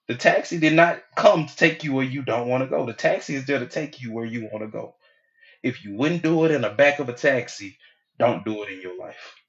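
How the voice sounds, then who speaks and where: A man's voice: mid-range voice, dull audio. A middle-aged man giving a casual, preachy motivational talk as a hypnotherapist, acting out quoted people as he goes.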